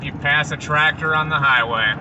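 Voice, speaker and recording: A man's voice: fairly high pitch, moderate pace, dull audio. A man from Iowa, a radio host, giving chatty, wry running commentary in a vlog while riding in a car. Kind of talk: casual travel vlog narration. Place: inside a moving car. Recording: road and car noise. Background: car and traffic noise.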